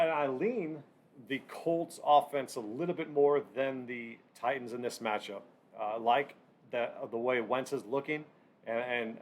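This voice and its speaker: A man hosting a casual sports picks breakdown, talking in halting bursts with lots of fillers and restarts. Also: mid-range voice, a little hiss or hum. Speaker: sports betting channel host.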